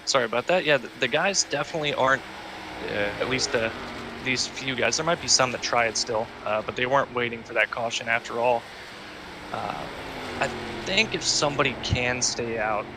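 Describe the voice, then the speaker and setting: A color commentator, a man with an ordinary mid-range voice, talks through pit strategy in a measured, analytical way, often pausing on fillers. Steady background noise runs under his voice. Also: medium pitch, vocal fry. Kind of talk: sim racing broadcast commentary.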